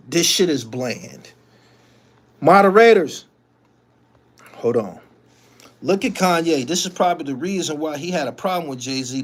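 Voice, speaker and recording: A middle-aged man hosting a casual live stream, ranting bluntly and profanely with lots of energy. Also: mid-range voice.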